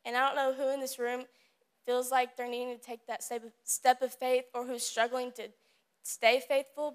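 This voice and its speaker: A woman's voice: a little high, clean tone. A teenage girl giving an earnest, casual devotional talk to a youth group in a room, repeating her points. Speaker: youth service speaker.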